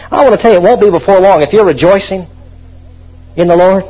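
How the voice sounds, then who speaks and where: Husky high-pitched guy preaching hard, fervent sermon, muffled lo-fi recording. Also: quick pace. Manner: fervent, calls out to congregation.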